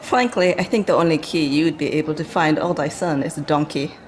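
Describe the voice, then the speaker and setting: A woman playing a tabletop game, delivering her lines in a deliberate, dry-witted manner. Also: deep voice, slight background noise. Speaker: player.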